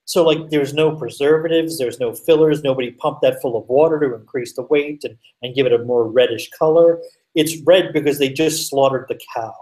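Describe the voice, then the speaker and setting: A man's voice: mid-range voice, normal speed, darkish tone, recorded from a distance, rough recording. A man telling a story as a guest in a rambling, chatty way with lots of fillers, over a remote call. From United States.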